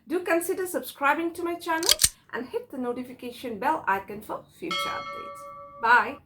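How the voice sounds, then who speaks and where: A woman's voice: sits high, normal speed, loud music behind the voice. A woman teaching an English grammar lesson, patiently explaining step by step with examples and stressing key words.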